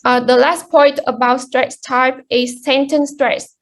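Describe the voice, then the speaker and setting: High-voiced young woman presenting in class. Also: level tone, measured pace. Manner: hesitant, many fillers and restarts. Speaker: student presenter.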